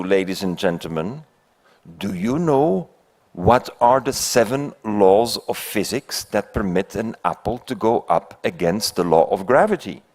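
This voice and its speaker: An older man from Belgium, not an English speaker, giving a conference talk and telling a fable with rhetorical questions to the audience. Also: lowish voice. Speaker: keynote speaker. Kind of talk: conference speech with a told fable. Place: conference hall.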